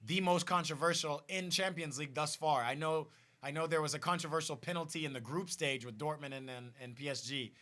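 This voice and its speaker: A man hosting a live football watch party, chatting excitedly to viewers, often repeating and restarting phrases. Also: a little high, a little fast. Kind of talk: casual live-stream chat.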